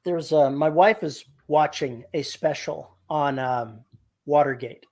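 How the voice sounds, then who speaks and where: A man's voice: a little high, slow pace, a little mellow. A man co-hosting a podcast on writing, chatting casually and acting out quotes as he retells a scene. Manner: chatty storyteller, acts out quotes. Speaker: podcast co-host. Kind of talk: casual chat about writing.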